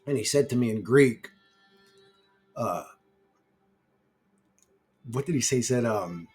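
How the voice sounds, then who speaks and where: A man's voice: mid-range voice, unhurried, long pauses, darkish tone, faint music behind. A man telling a rambling personal story to camera in a brash, profane way. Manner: brash, heavy swearing, rambling. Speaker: YouTuber. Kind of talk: casual storytelling.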